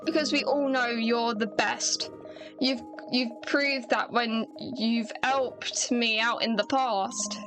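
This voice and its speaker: An eager but unsure male police inspector from a video game talks in an Essex accent, second-guessing himself, as a woman voices him. The voice sits high, and game music plays clearly under it. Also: fairly even intonation. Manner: hurried, hedging, unsure of himself.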